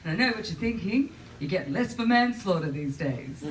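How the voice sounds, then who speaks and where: A woman doing stand-up comedy and emceeing, chatty with deadpan asides, recorded live in a comedy venue. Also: medium pitch, fast, a little hiss or hum. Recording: distant mic in a live room.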